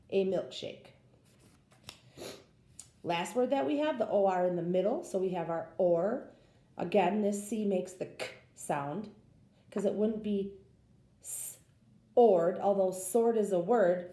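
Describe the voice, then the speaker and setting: A woman's voice: mid-range voice, measured pace, pauses often, warm tone, roomy sound. A woman teaching a phonics lesson, patiently sounding out words for young learners.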